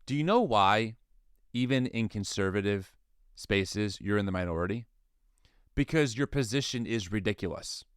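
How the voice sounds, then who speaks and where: A man in his thirties co-hosting a casual commentary podcast, animated and incredulous, often restarting his sentences. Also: on the low side, normal speed, clean tone, no room sound, clean studio sound. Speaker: podcast co-host.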